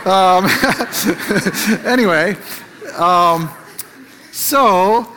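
High-voiced man telling a sermon story. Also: slow. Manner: animated storytelling, acts out quotes, laughs at himself. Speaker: Christian teacher or pastor.

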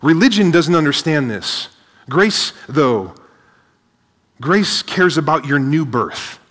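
Man, preacher, sermon, energetic, rhetorical questions, slightly high voice, long hall reverb. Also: takes it slowly. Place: large hall with a live audience.

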